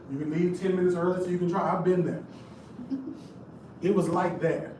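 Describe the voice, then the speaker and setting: A man's voice: high-pitched, steady tone, a little fast, pauses often, darkish tone. A man giving a casual live history talk, chatty and jokey, speaking straight to his audience. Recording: echoey room, distant mic, background noise.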